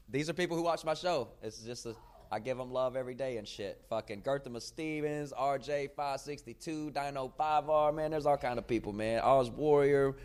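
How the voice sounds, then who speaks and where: A man hosting his own podcast as a comedian, rambling in a profane, casual way and sometimes breaking into loud shouting. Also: mid-range voice, moderate pace. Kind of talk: casual chat.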